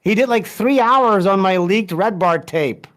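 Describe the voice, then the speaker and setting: A man's voice: sits high, unhurried, a bit bright. A man guest on a podcast, telling a long story in casual, profane, rambling talk with many restarts.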